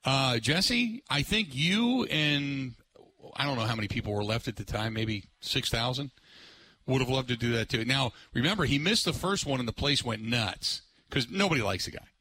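A man hosting live sports talk radio from a remote broadcast. His voice is bright and forceful, and he rambles excitably with plenty of filler words. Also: mid-range voice, normal speed.

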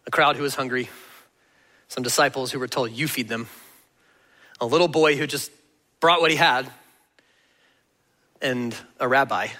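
A man preaching a sermon as pastor, telling the story in an animated, conversational way. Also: medium pitch, big-room sound. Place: church auditorium.

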